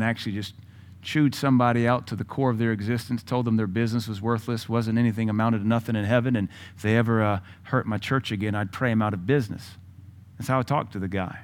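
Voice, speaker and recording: A middle-aged male pastor preaching a sermon, telling a personal story with laughs and sudden swings in volume. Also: medium pitch.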